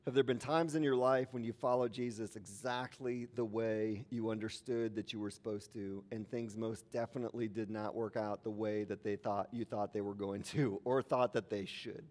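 A man's voice: lowish voice, fairly even intonation, normal speed, hardly any pauses, darkish tone. Conversational male pastor preaching. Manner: conversational, informal preaching with asides to the congregation. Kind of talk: sermon.

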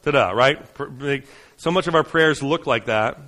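A man preaching a sermon in a conversational way. He uses frequent "right?" and "you know" asides, builds to fast, urgent runs, then drops soft and slow. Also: medium pitch, big-room sound. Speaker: pastor.

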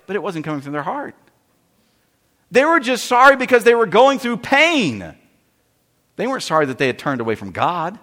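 A man's voice: very high-pitched, sing-song, normal speed, pushed and bright. A man preaching a sermon, explaining scripture verse by verse and often repeating and restarting his phrases. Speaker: pastor. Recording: long reverb of a large hall.

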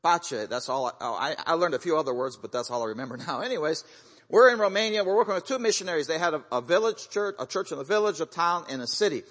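A man's voice: on the high side, expressive, quick pace, fairly bright tone. Man telling mission stories in a reverberant church. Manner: folksy storytelling with frequent fillers and restarts. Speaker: guest missionary speaker. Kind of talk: sermon-style testimony. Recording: long reverb of a large church hall.

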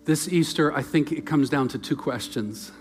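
Earnest pastor man, loud to hushed. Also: fairly high pitch, moderate pace, faint music behind. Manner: earnest, swings from loud emphasis to near-whispered softness. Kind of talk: sermon.

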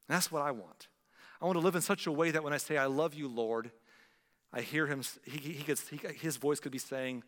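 An earnest male pastor preaches with feeling, his middle-pitched voice swelling loud on emphatic lines and falling to near-whispers on tender ones. A long reverb trails each phrase, as in a large church sanctuary. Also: moderate pace. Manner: earnest, emotional, swings from loud emphasis to hushed. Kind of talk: sermon.

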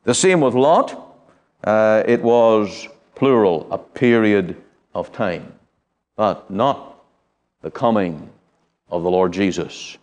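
A middle-aged man from the United Kingdom teaching a Bible study, speaking in an earnest, measured way with frequent pauses and fillers. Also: lowish voice, animated, darkish tone.

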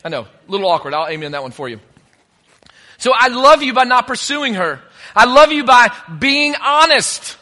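A man's voice: extremely high pitch, lively intonation, normal speed, pushed and bright, big-room sound. A man preaching a sermon as pastor, conversational and joking between points.

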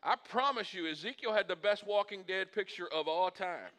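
A man delivers a sermon in a high, ringing voice. He mixes folksy humor with impassioned preaching that swells to loud, forceful peaks, with a bright, sharp edge to his tone. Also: normal speed. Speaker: pastor.

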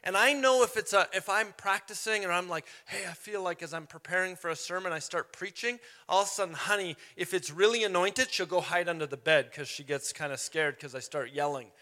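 High, bright-voiced man preaching. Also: brisk, few pauses. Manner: storytelling with humor, animated asides. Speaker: pastor. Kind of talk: sermon. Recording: reverberant hall.

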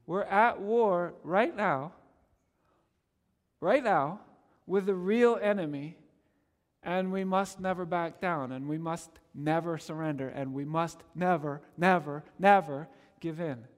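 A man preaching in a church sanctuary, his voice sitting high for a man. He drives his points home with emphatic repetition, and the sound trails off in a long hall reverb. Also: slow pace, pauses often. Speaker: pastor. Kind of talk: sermon.

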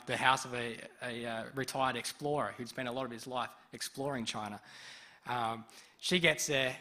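A man preaching a sermon, telling a story in a lively way and acting out the people in it. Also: mid-range voice. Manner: lively storyteller who acts out quoted speech.

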